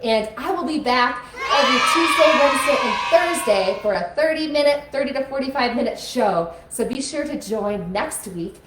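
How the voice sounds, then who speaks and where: A woman's voice: high voice, expressive, moderate pace, few pauses, over a noisy crowd, very noisy. Upbeat woman coaxing kids in a roomy echo. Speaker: children's music teacher. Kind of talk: kids' live stream lesson with singing. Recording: echoey room with faint music.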